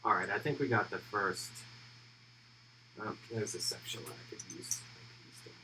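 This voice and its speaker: A man's voice: fairly low pitch, normal speed, background noise. A man hosting a hobby painting livestream, casually explaining his airbrush steps as he works. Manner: relaxed, thinks aloud while airbrushing. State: hiccuping. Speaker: miniature painting livestream host.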